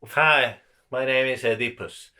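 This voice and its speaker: A man with a South American Spanish accent voicing a blinded mythic king who introduces himself on a talent show in a deadpan, mock-formal way. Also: medium pitch, a little slow. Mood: mock-solemn.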